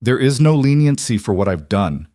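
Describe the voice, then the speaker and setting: A man's voice: medium pitch, sing-song, normal speed, mellow, no echo, clean studio sound, pitched above the performer's own voice, close to an everyday voice. A man voicing a cornered male villain with a foreign accent, who makes cold, clipped threats in an audiobook thriller. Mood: desperate.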